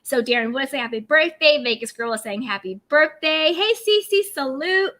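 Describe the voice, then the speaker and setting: A young adult woman hosting a live stream recap, greeting viewers one by one with bubbly, drawn-out hellos and pop-culture slang. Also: on the high side, sharp tone. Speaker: YouTube recap host.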